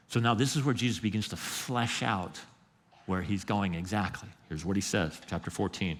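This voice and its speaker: A man's voice: on the low side, moderate pace. Easygoing, emphatic male pastor preaching in a reverberant church sanctuary. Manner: conversational, emphatic, repeats words while building a point. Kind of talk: sermon. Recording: long reverb of a church hall.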